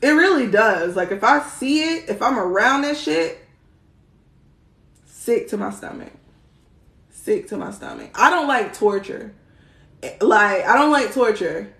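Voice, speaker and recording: Woman, young, casual swearing live-stream talk, lightly raised pitch, echoey room. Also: animated, unhurried, pauses often, a bit bright. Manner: slangy, swears freely, laughs often. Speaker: spiritual livestream host. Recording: roomy echo.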